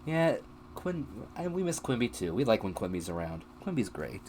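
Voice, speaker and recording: Animated man with a strained voice. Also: medium pitch, normal speed, a little hiss or hum. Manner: animated, laughing. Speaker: streamer guest. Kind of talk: casual chat on a live stream.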